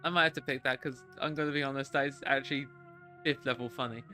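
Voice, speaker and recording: A streamer narrating and joking through a story game, animated. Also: medium pitch, quick pace, faint music behind. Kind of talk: let's play commentary and narration.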